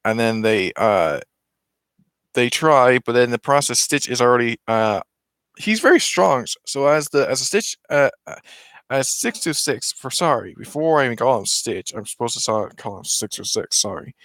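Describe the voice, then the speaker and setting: A man's voice: medium pitch, normal speed, dry recording. Rambling man retelling a film. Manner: rambling and excited with many restarts.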